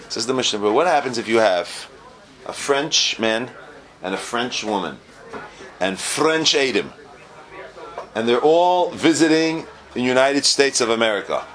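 A man teaches a Talmud class at medium pitch, animatedly posing questions and answering them himself. He uses many Hebrew and Aramaic terms.

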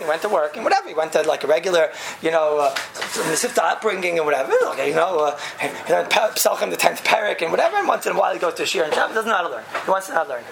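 A man telling an animated story to listeners, laughing often and acting out the people in it. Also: high voice, vocal fry, noisy background. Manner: lively, laughing, acts out voices, frequent "right?". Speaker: speaker telling a story to a group.

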